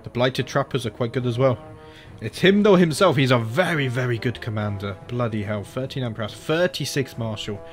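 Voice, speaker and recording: Faint music plays behind a medium-pitched, fairly quick voice, an Australian streamer giving casual commentary on a strategy game. Chatty and thinking out loud, he mumbles, self-corrects and swears mildly and often as he navigates menus.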